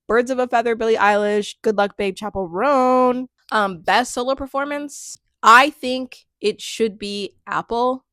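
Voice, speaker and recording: A woman's voice: fairly high pitch, unhurried, few pauses, sharp tone, no room sound, clean studio sound. A woman in her twenties chatting casually as a music vlogger, laughing often and trailing off into restarts. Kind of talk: casual commentary vlog.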